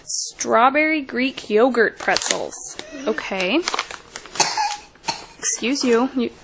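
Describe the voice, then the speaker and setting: Young mom, casual home vlog, talkative, reads labels aloud, voice a bit high, light hiss on the camera mic. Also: female voice, lively intonation, slow pace, gravelly. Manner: chatty, reads product names aloud, coaxes her kids. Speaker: mother filming her kids.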